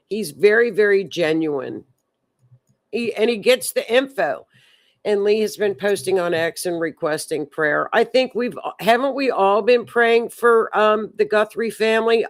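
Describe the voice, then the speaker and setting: A woman hosting a live stream, chatting in a rambling way and reading viewer comments aloud. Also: medium pitch. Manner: chatty, rambling, repeats words. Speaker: livestream host.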